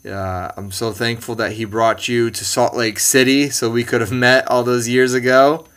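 Man in his forties, podcast host, rambling chat, crisp bright tone, middle pitch. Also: little pitch movement, moderate pace. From California Bay Area. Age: 40s. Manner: rambling, many fillers and restarts. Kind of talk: casual conversation.

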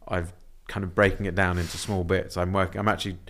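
A young man with a very low voice chats as a podcast guest. He talks in a relaxed, reflective manner, his phrasing loose and wandering. His pitch sits deep below most men. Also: fast talker. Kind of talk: casual conversation.

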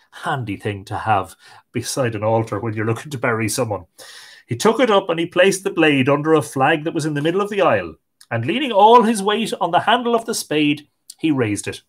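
An Irish man hosting a live stream, reading old fairy tales aloud in a lilting, expressive way. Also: medium pitch, moderate pace. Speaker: host and storyteller.

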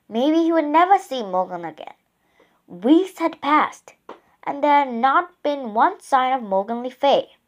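Woman narrator for a children's storybook, slow and unhurried, expressive. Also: high-pitched.

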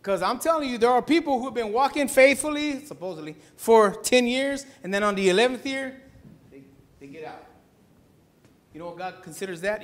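A man pastor preaching a Sunday sermon in a church, talking in a loose, slangy way, sometimes shouting and sometimes dropping to a hush. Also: high-pitched. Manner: conversational preaching with slangy asides and laughs; swings from shouting to hushed.

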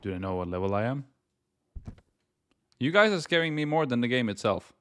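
A man giving jokey let's-play commentary on a horror game, talking to himself and breaking into panicked yelling. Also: medium pitch, very animated, fairly quick, smooth. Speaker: gaming YouTuber.

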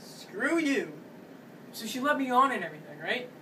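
A man's voice: very high-pitched, very fast, distant mic, slight background noise, rough recording. A young man vlogging, telling a story animatedly and acting out what everyone said. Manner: animated, quotes people in character. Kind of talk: storytelling vlog.

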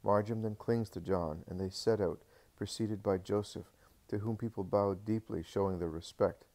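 Brief: male audiobook narrator, very low and gravelly, steady solemn reading. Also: moderate pace. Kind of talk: scripted narration of a religious text.

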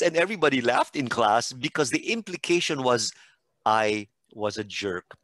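A man's voice: medium pitch, moderate pace, dry recording. A man, a teacher and expert on a podcast, telling stories in casual conversation and acting out what people said. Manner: animated storytelling with acted-out quotes.

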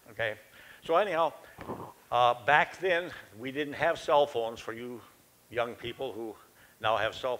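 Bright-voiced older man preaching folksy sermon. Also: mid-range voice, low-quality recording. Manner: folksy, conversational, self-deprecating. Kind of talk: storytelling sermon. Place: church.

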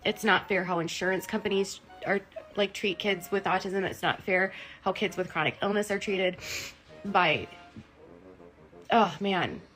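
A woman's voice: medium pitch, unhurried, a bit bright, faint music behind, low-quality recording. An emotional woman hosting a livestream, talking in an impassioned, indignant, rambling way with fillers. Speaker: livestream host.

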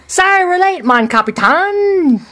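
Man voicing a meerkat sidekick, squeaky, excitable, small. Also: measured pace, exaggerated voice. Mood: excited.

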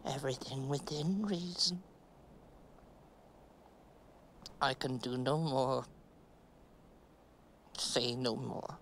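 An actress playing a stoic middle-aged woman, giving a slow, halting stage monologue with long pauses. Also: a bass voice, slight background noise, heavily acted. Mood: weary.

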